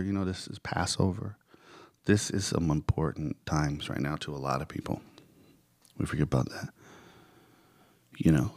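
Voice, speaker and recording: Low deep guy chatting about a worship song, earnest, lots of "you know", no room echo. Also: darkish tone, clean studio sound. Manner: conversational, earnest, with many fillers and rhetorical questions. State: emotional. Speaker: host reflecting on a worship song. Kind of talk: casual devotional talk.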